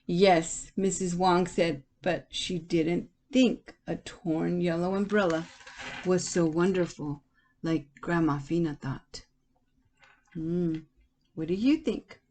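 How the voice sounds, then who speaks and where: A woman's voice: lowish voice, fairly even intonation, slow, a little mellow. A woman teacher reading a picture book aloud to children. She stops often to ask her listeners questions.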